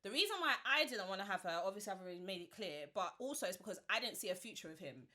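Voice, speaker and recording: A woman's voice: mid-range voice, lively intonation, very fast, pushed and bright. A woman in her twenties with a London accent, telling her story animatedly with plenty of slang as a podcast guest. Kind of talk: casual chat.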